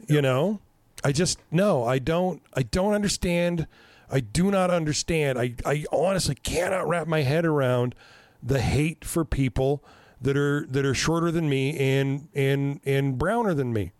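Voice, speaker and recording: Profane, animated man in his fifties. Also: on the high side, measured pace, no room sound. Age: 50s. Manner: profane, animated storytelling with self-mocking laughs. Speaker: podcast host. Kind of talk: casual podcast chat.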